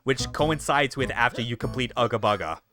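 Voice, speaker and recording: Bright-voiced man cursing through a game stream. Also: medium pitch, a little fast. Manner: rambling, profane, laughing asides. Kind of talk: casual let's-play commentary.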